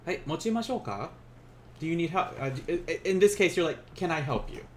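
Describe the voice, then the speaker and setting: A man teaching a beginner Japanese lesson on a live stream, chatty and quick to laugh, often correcting himself mid-sentence. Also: fairly high pitch, slight background noise.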